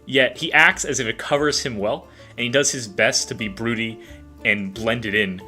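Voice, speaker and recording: A man's voice: mid-range voice, moderate pace, bright, forceful tone. A young man narrating a tabletop game as dungeon master, casual and full of fillers. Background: faint background music.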